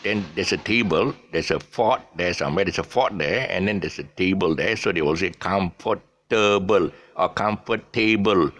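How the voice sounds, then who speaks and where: A middle-aged man, giving an off-the-cuff pronunciation lesson, repeating each word many times and drifting into soft asides. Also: sits low, fairly quick, hardly any pauses. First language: Eurasian family speaking English as mother tongue. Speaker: English pronunciation teacher.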